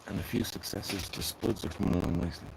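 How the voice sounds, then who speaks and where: Deep-voiced Dublin man chatting live. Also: flat delivery, fast, gravelly, noisy background. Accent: Dublin Irish. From Ireland. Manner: chatty, rambling, talks to his viewers while working. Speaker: gardening channel host. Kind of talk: casual live-stream chat. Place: garden.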